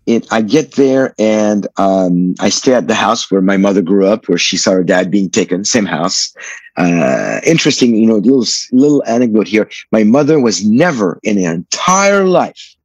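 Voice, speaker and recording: Middle-aged man, radio interview guest, earnest testimony, low and husky. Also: expressive, moderate pace, no room sound. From France. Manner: earnest, reflective storytelling.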